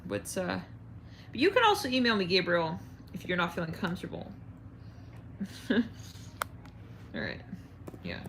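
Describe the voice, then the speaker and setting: A woman's voice: on the low side, huge pitch swings, a little slow, pauses often, a bit bright, a little hiss or hum. A woman hosting an astrology live stream, chatting in a rambling, giggly way with her viewers.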